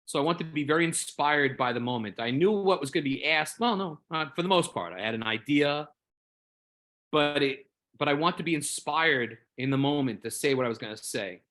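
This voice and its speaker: A man's voice: fairly high pitch, lively intonation, fairly quick, fairly bright tone. A man in a casual group discussion, telling a story in a rambling, earnest, openly emotional way, often repeating words while he searches for them. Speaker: Jedi community member.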